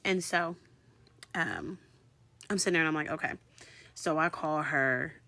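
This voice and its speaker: A woman in her thirties telling a casual storytime vlog, animated and slangy, acting out both sides of each conversation. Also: low-pitched, measured pace, no room sound. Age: 30s. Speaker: vlogger.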